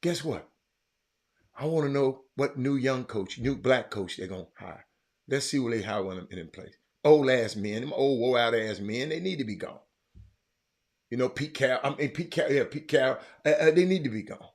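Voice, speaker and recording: Excitable sports show host. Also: male voice, mid-range voice, normal speed. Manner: loud, excitable, rambling, swears. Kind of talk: casual sports commentary.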